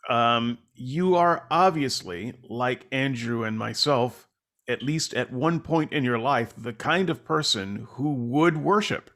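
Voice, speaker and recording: A man's voice: mid-range voice, animated, slow, a bit bright. A man hosting a podcast, talking in a casual, rambling and self-deprecating way with lots of fillers. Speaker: podcast host. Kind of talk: casual conversational interview.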